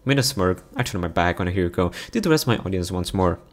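Low-voiced man narrating a visual novel. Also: animated. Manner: brisk first-person narration, breaking off to laugh at slips. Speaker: game streamer reading a visual novel. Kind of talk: reading game narration aloud.

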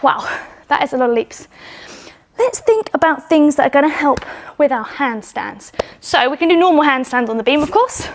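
There's slight background noise as a young British woman with a high, animated voice talks at normal speed. She coaches children through gymnastics exercises indoors at home, encouraging them and a bit out of breath from demonstrating.

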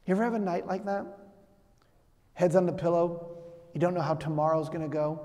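A man's voice: fairly high pitch, steady tone, fairly quick, long pauses, dark tone. A middle-aged male pastor preaching a sermon in a conversational, storytelling way. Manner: conversational storytelling with acted asides. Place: church sanctuary. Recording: long hall reverb.

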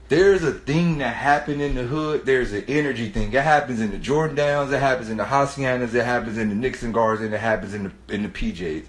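A man's voice: a little high, fairly bright tone. A man in his thirties telling a story in casual street slang, laughing often and repeatedly asking "right?". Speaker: host.

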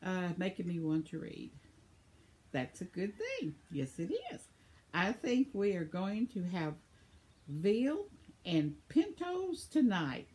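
A woman in her seventies chats casually as she reads viewer comments, laughing often. Her voice is gravelly and a little worn, as if she is losing it. She talks slowly and unhurriedly. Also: on the low side, a little mellow. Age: 70s. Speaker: vlogger reading viewer comments. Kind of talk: casual chat.

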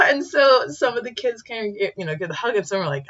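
A woman who teaches in Japan tells a story in casual chat, animated and full of fillers, acting out quotes with high squeals. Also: fast talker, hardly any pauses, dull audio.

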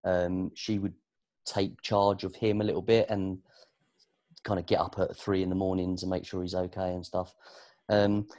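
This is a British man talking as a guest on a relaxed interview podcast. His voice sits a little low, and he tells his stories in a lively, rambling way, full of fillers and restarts. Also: normal speed. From Britain. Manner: chatty, animated storytelling with frequent fillers. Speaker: podcast guest, sports producer and presenter. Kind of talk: casual conversational interview.

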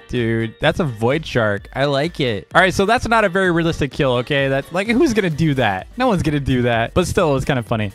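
A man giving casual, excitable gameplay commentary as a gaming video host, laughing often and breaking into sudden outbursts. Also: medium pitch. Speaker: gaming YouTuber.

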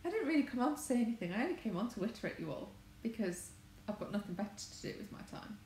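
A woman's voice: fairly high pitch, very animated, fast talker, a little mellow. An English woman from England rambling in casual livestream chat, wandering and correcting herself as she talks from her home. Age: adult, married. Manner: chatty, wandering, self-correcting. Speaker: crafts vlogger. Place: home conservatory. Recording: echoey room, faint background noise.

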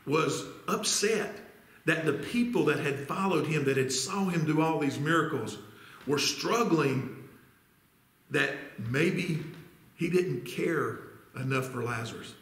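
A man preaching an earnest, deliberate sermon as pastor, asking rhetorical questions. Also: fairly high pitch, fairly bright tone, roomy sound. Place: church sanctuary.

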